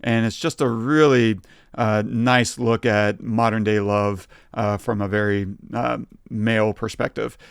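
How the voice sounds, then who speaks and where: A man co-hosting a film podcast, talking in a relaxed, casual way with plenty of fillers. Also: fairly low pitch, unhurried, creaky, clear, resonant tone, no room sound, studio quality. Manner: relaxed, lots of fillers and laughs. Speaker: podcast co-host. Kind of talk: casual chat.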